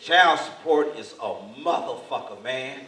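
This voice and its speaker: A man doing stand-up comedy in a large hall, telling his story loudly and with lots of swearing. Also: medium pitch, unhurried. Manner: loud, profane, animated storytelling. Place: large hall in front of a live audience. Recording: echoey hall, voice from far, noisy.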